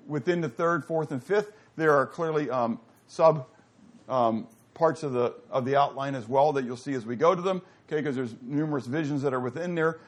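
A man teaching a Bible class, animated and questioning his listeners, rising to loud emphasis. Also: on the high side.

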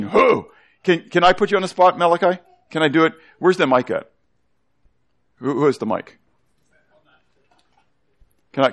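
With a voice that's a little high, a man teaches a congregation in an animated Bible study sermon, constantly questioning the room and urging children to participate.

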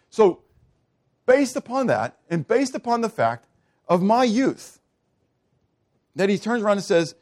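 Man, pastor, conversational sermon, enthusiastic, checks in with listeners, lively voice. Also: high voice, a little slow, pauses often. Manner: conversational, checks in with 'okay?' constantly; animated, enthusiastic teaching. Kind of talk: expository sermon.

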